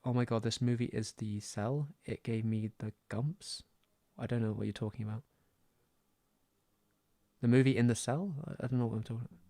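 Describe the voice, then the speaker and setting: A young Englishman from the Southwest, speaking with a West Country accent, rambles in self-deprecating livestream chat on a close mic. His medium-pitched voice is mellow and steady, moving fairly quickly, with no echo.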